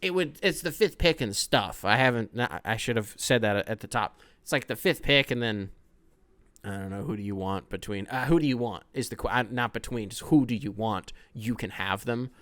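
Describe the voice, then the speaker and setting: A young man talks through a casual solo podcast in a rambling, profane way, breaking into sudden loud outbursts. His voice sits at an ordinary middle pitch for a man. The sound is close and dry. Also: lively intonation, moderate pace, no room sound. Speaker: podcast host.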